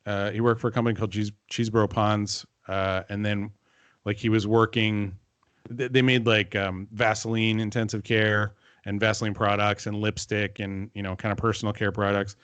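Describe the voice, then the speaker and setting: A man in his forties, a composer guest on a podcast, talking in a relaxed, meandering way with many fillers. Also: lowish voice, normal speed, clean tone, no room sound. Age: 40s. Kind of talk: casual interview chat.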